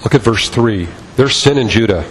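A man's voice: mid-range voice, expressive, normal speed, long reverb tail, slight background noise, low-quality recording. A man preaching a sermon as pastor, impassioned and repetitive in his cadence.

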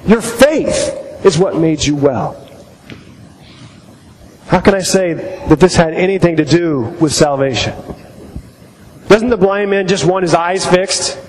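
Middle-aged man, pastor preaching, high voice, halting repetitions, long church reverb, faint background noise. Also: darkish tone. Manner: halting, repeats words while telling stories. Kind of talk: sermon.

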